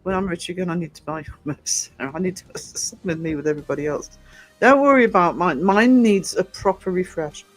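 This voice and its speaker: Faint music plays behind this dry recording of a high-pitched man speaking at a moderate pace. As livestream host and small publisher, he meanders through viewer comments casually, full of ums and false starts.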